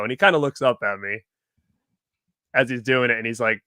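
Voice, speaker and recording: A man co-hosting a casual chat, retelling an encounter with lively acted-out quotes and plenty of filler words. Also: medium pitch, quick pace, pauses often, clean tone, dry recording, clean studio sound. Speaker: co-host.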